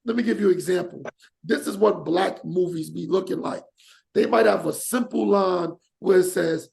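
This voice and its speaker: A man with a high, heavily gravelly voice hosts a casual podcast chat. He rants with energy and acts out examples mid-sentence. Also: normal speed. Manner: animated, rants with acted-out examples. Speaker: podcast host.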